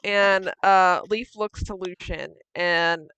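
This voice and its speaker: A woman's voice: fairly low pitch, fairly even intonation, takes it slowly, background noise. A woman running a tabletop game as game master, narrating casually, swearing freely and scolding her players.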